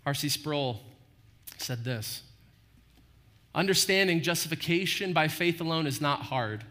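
Bright-voiced male pastor preaching. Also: on the high side, expressive, unhurried. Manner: conversational, frequent "right?" tag questions. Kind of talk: sermon.

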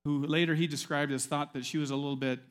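A man's voice: fairly high pitch, steady tone, quick pace. A man preaching a sermon as pastor, emphatic and repetitive, weaving in stories.

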